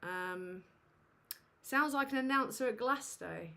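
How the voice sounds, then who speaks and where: A woman's voice: mid-range voice, a little slow. A woman chats on her home livestream through a desk microphone, her voice sitting in a middle range. She sounds flustered and self-mocking, trailing off into fillers and swearing casually as she goes. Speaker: livestream host. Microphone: USB desk microphone.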